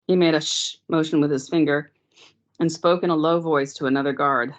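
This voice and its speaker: Reading a novel aloud in a measured, even way, a woman teacher addresses her class in a deep voice. It's captured on flat, lo-fi meeting audio.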